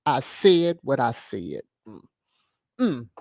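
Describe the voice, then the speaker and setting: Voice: mid-range voice, very animated, a little slow, darkish tone, dry recording. Sassy royal-news vlogger. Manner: sassy, mocking, chuckles often. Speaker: royal news commentator on a video channel. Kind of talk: casual commentary reading headlines and viewer comments. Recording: dull lo-fi, dry close mic.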